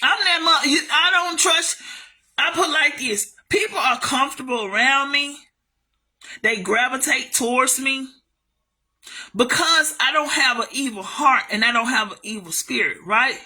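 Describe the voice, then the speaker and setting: Her voice high and sharp, a vlogger takes her time telling a story to the camera. The casual monologue is blunt and full of curses, with repeated lines for emphasis.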